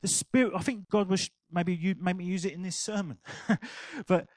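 An older man preaching a sermon, telling an anecdote with laughter and animated asides. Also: high-pitched, moderate pace, no echo, rough recording. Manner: animated storytelling, laughing at his own anecdote.

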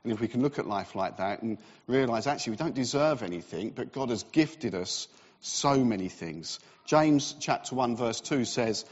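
A man's voice: medium pitch, lively intonation, normal speed, breathy edge. A man preaching a sermon in a conversational, self-deprecating way. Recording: reverberant, slightly dull hall recording.

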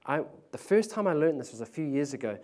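A young man, preaching a testimony sermon. He tells the story in a slangy, animated way and laughs often. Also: on the high side, fast.

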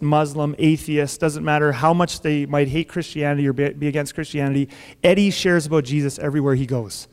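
A man's voice: fairly high pitch, smooth. A man pastor introducing a guest speaker in a chatty, joking way, with many fillers, in a large church. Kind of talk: sermon introduction. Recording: long hall reverb.

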